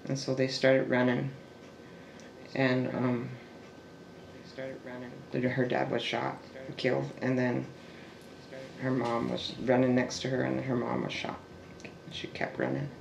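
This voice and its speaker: A man telling a family oral history in a halting way, full of restarts and trailing fillers, and sometimes dropping to a soft hush. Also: mid-range voice, monotone, creaky, crowd noise. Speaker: family storyteller. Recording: echoey room with faint background noise.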